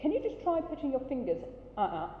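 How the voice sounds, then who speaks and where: A woman coaching a choir through a rehearsal, brisk and encouraging, demonstrating sounds as she goes. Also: high-pitched, very animated, slight background noise. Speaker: choir director. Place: large rehearsal hall. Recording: dull roomy hall recording, faint ambience.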